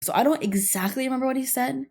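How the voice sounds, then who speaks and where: A young adult woman hosting a podcast, telling a workplace story in a casual, animated and profane way. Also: high voice, quick pace, vocal fry. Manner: animated, profane, laughs through her story. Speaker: podcast host.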